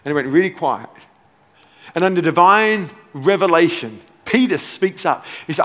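A man preaching with force, hammering home his points and repeating key lines, with playful asides in between. His voice sits high for a man. It carries the long reverb of a big church hall. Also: expressive, moderate pace, a bit bright. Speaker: pastor. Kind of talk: sermon. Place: large church auditorium.

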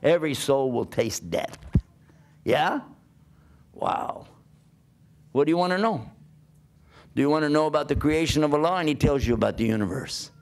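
A man's voice: a little high, animated, fast, darkish tone. A man giving a conversational sermon, asking his listeners rhetorical questions as he preaches. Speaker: Islamic preacher.

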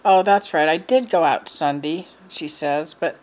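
A woman's voice: deep voice, measured pace. Frustrated middle-aged woman venting. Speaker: vlogger. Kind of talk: casual chat to camera.

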